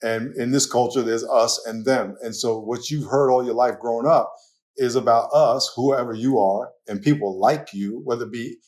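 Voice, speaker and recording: A man with a New York accent, a pastor talking as a guest in a casual interview, telling lively stories and laughing often. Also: mid-range voice, moderate pace. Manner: animated storytelling, laughs often.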